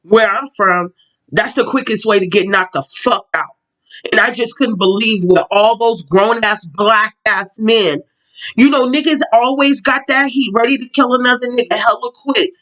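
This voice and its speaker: A woman's voice: on the high side, moderate pace, a bit bright, dull audio. A woman vlogger ranting casually to camera, heated and profane, repeating herself, outdoors in windy weather.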